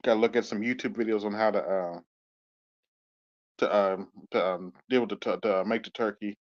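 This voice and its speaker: A man hosting a casual online talk show, speaking in a laid-back, halting way with many fillers. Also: on the low side, steady tone. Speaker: podcast host. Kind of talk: casual chat. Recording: dull lo-fi stream audio.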